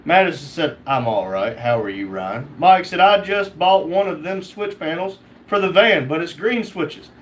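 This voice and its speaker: A man's voice: a little high, animated, normal speed, hardly any pauses. A man hosting a casual livestream, reading out chat comments and joking back.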